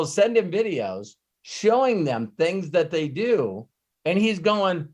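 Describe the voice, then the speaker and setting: A middle-aged man hosting a live coaching call, telling stories in an animated way and laughing as he goes. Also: a little high. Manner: animated storyteller who laughs and acts out quotes. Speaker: host and business coach.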